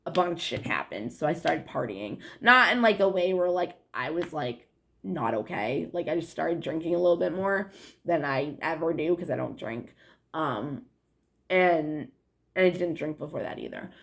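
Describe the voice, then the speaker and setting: A woman's voice: low voice, expressive, moderate pace, creaky. Rambling, swearing young woman vlogger. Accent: New England. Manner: meandering, heavy on "like" and swearing, frequent laughs. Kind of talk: rambling casual monologue to camera.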